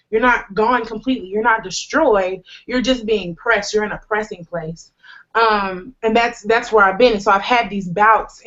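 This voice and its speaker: A woman in her twenties, hosting a talk show and candidly sharing a personal testimony with earnest, humorous asides. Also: on the high side. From United States. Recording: slightly dull, lo-fi recording.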